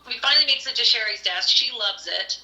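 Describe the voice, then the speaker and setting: Woman, bright sharp voice, gushing storyteller, echoey room. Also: on the high side, fairly quick. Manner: gushing, animated storyteller with many fillers. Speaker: podcast host and screenwriter. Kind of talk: casual storytelling chat.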